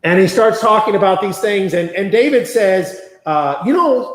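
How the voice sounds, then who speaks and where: A man leading a conversational Bible study, chatty and animated, often acting out quotes. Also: sits high, normal speed. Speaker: Bible class teacher. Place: church classroom. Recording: echoey room.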